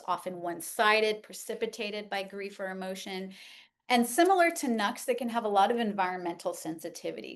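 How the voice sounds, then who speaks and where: A middle-aged woman teaching in a conversational lecture, with many fillers and "like". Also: mid-range voice. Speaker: homeopathy educator. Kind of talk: informal lecture.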